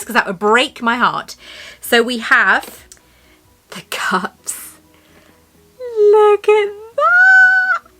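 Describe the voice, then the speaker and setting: A woman's voice: medium pitch, sharp tone. An English woman chatting casually as she unboxes a tea set, rambling and gasping with delight. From England.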